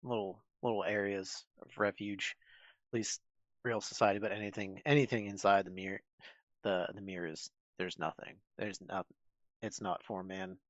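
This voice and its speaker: A man playing an adventurer in a tabletop game, speaking in a hesitant, halting way on a dull, lo-fi mic. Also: fairly low pitch, flat delivery, dry recording, natural voice. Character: male adventurer who knows the coast.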